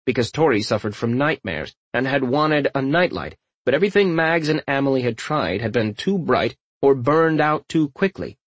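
A man narrating a fantasy audiobook with lively, expressive storytelling. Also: mid-range voice, normal speed, few pauses, dry recording. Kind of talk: scripted narration.

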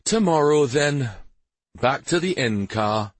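A man voicing a stern, commanding adult prince who speaks in measured, imperious tones, in a storybook reading. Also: medium pitch, expressive, dry recording, pitched above the performer's own voice. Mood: fatherly.

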